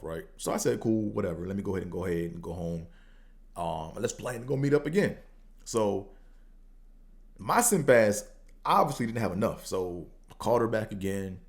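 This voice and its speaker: Man, fairly low voice, casual storytelling, slangy and profane, acts out quotes. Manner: animated, acts out quotes with big pitch jumps. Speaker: podcast host.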